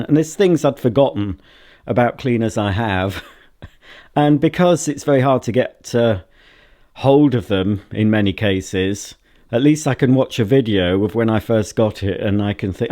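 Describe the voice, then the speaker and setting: A man's voice: lowish voice, normal speed, warm tone. A man chatting to a handheld camera at home in a rambling vlog, full of self-mocking asides. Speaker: vlogger. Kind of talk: casual solo vlog to camera. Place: at home, indoors. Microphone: handheld camera at arm's length.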